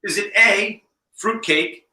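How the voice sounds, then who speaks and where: A man's voice: high-pitched, takes it slowly, pushed and bright. A man co-hosting a casual talk show, teasing his guests as he reads out multiple-choice trivia questions. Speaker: co-host running a trivia quiz. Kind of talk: casual chat, quiz questions. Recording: roomy sound, distant mic.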